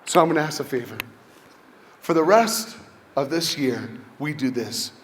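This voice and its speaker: A male motivational speaker with a fairly high, expressive voice addresses a school audience at a normal pace, sharing personal stories and posing rhetorical questions. He's in a large hall full of listeners, and the recording carries a long hall reverb over faint ambience.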